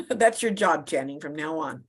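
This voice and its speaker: A woman moderating an online discussion and closing it, halting with many fillers and repeated words. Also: sits low, expressive, breathy edge. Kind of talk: closing remarks on a video call. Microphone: video call.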